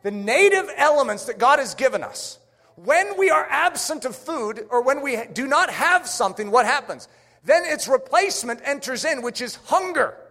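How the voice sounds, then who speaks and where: Animated high-voiced male preacher in a hall. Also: normal speed. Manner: emphatic, repeating his rhetorical questions. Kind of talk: sermon. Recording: echoey hall reverb.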